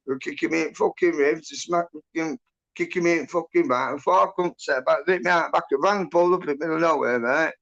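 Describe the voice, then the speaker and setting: A rough, gravelly man tells a rambling story, cursing in nearly every line. His voice sits a bit high for a man. The audio is muffled and lo-fi. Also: a little fast, fairly bright tone. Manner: sweary, rambling, agitated. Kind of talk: casual chat, storytelling.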